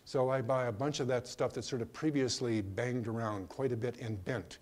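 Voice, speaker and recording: A man's voice: medium pitch, steady tone, moderate pace, darkish tone. Hesitant older man giving a talk. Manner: hesitant, full of ums and restarts. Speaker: artist giving a museum talk. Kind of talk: slide lecture.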